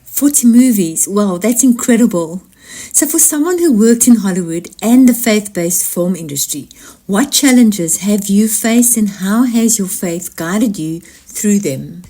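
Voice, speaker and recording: A woman interviewer asking measured, formal questions. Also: mid-range voice, animated, warm tone.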